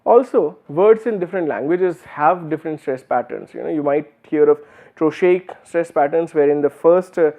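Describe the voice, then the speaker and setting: A man's voice: a little high, moderate pace. A man with an Indian English accent giving a university lecture, explaining patiently with many fillers and restarts. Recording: phone-like narrow band.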